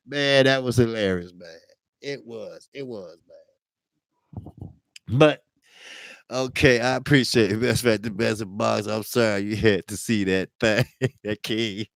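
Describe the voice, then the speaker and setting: This boxing talk stream host speaks in a low-leaning, creaky voice, captured in studio quality with no room sound. Laughing a lot, he spins a funny, slang-heavy story in a casual way, stretching out his words and tacking "man" onto line after line.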